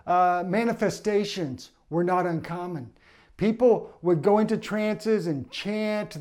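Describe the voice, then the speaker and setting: A man preaching as pastor, moving from an earnest prayer into an energetic sermon teaching. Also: sits high.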